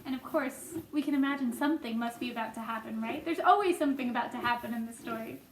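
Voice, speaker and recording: A woman reading a children's book aloud in a gentle, expressive way. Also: a little high, fast talker. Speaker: storyteller. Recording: echoey room, faint noise.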